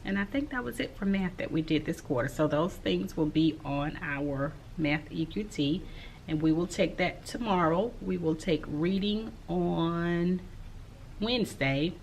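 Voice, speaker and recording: A middle-aged woman, an elementary school teacher, talking casually to camera in a slow, soft-spoken, reflective way with frequent pauses. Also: on the low side, gravelly, a little hiss or hum. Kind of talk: casual vlog talk to camera.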